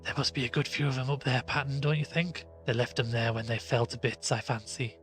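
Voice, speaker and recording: A man voicing a country squire who speaks in a brisk, commanding way. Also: medium pitch, steady tone, a bit bright, soft background music, lightly acted. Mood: grave.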